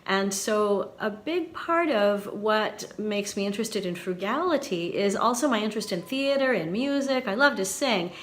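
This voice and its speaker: A woman's voice: medium pitch, lively intonation, normal speed, few pauses. A woman over fifty hosting her own vlog, talking in an earnest, chatty way to viewers in a light soprano voice. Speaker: channel host and university teacher. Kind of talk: casual vlog talk to viewers.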